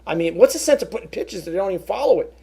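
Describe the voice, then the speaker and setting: A middle-aged man rants to his vlog audience about a grievance, rambling and restarting his sentences as he quotes both sides of a phone call. His voice sits a bit high and sounds gravelly and husky. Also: lively intonation, racing, mellow. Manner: repeats and restarts words, rambling. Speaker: vlogger. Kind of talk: casual ranting vlog.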